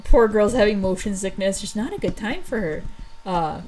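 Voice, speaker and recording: A woman casually recapping old stories, rambling with lots of fillers and quick laughs. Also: mid-range voice, animated, a little mellow, poor audio. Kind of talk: casual chat.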